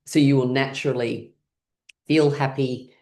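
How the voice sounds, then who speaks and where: Low-voiced playful woman leading laughter. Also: fairly even intonation, unhurried, darkish tone. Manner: playful, bursts into laughter, high whoops. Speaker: laughter yoga leader. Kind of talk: guided laughter session on a video call.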